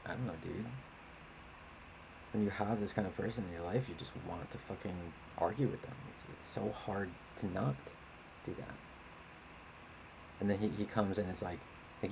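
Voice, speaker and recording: A man's voice: sits low, steady tone, normal speed, creaky, long pauses, background noise. A young man venting in a casual, rambling monologue, frustrated and swearing often. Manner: frustrated, profane, rambling rant. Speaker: independent musician and artist.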